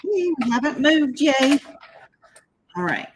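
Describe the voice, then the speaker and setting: Chatty woman host demoing cards, easy slow pace, lively sing-song delivery. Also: high-pitched, background noise. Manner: chatty, talks while working, laughs at own slips. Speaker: card-making demonstrator. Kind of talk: casual crafting tutorial.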